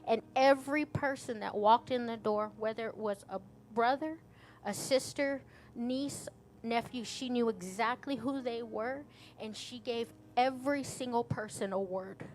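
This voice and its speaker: A woman pastor tells a personal story from the pulpit, earnest and plain-spoken. Her voice sits a little high for a woman. A faint hiss runs under her voice. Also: a little slow. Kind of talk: sermon testimony storytelling.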